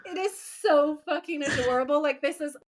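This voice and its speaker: A woman co-hosting a podcast, telling a TV episode as an animated story, acting out characters' lines and laughing often. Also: high-pitched, fairly quick. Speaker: podcast co-host. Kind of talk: casual recap chat.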